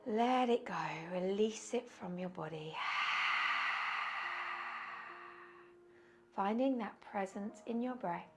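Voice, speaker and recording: A woman teaching a yoga class over a video call, guiding slow breathing in a soothing way with audible sighs. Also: medium pitch, music in the background. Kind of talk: guided yoga class instruction. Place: indoors, windy weather outside.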